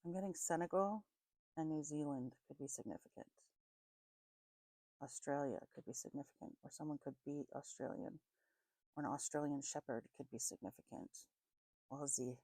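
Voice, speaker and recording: A woman with a low, deep voice gives a psychic reading in a musing, unhurried way. She spells out names letter by letter, trails off, and corrects herself. The sound is dry and close, with no room around it. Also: warm tone, no echo, low-quality recording. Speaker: psychic reader. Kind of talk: intuitive reading monologue.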